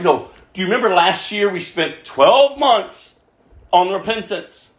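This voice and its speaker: Impassioned high-pitched male preacher. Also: measured pace, echoey room. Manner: impassioned, rhetorical questions, swings from loud to hushed. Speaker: pastor. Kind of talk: sermon.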